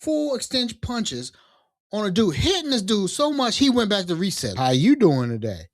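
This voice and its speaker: Male host, animated storyteller, swings his pitch widely, dry booth sound. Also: moderate pace, no echo. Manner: animated, acts out quoted voices. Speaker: podcast host. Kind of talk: casual storytelling.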